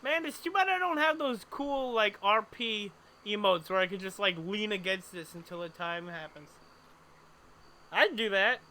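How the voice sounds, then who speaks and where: This streamer talks casually to his audience while playing a game live, drifting into long, rambling explanations. His voice is high, expressive, pushed and bright, at a normal pace.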